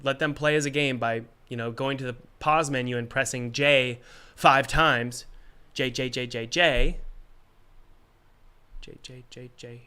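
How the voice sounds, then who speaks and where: A man with a cold who coughs now and then, hosting a casual livestream and giving game development advice in an energetic, rambling, jokey way. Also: medium pitch, measured pace, smooth.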